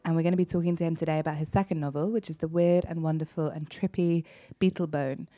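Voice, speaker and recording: A woman's voice: low-pitched, fairly even intonation, fast talker, dark tone, dry recording. A woman co-hosting a literary podcast, speaking enthusiastically about the guest. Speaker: podcast co-host. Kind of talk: casual chat.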